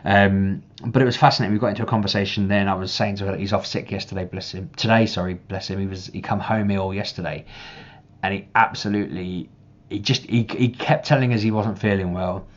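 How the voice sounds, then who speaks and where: A man's voice: on the low side, fairly quick, muffled recording. A young man talking casually to camera as a parent vlogger, rambling and restarting his sentences often. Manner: rambling, restarts often, animated when reenacting.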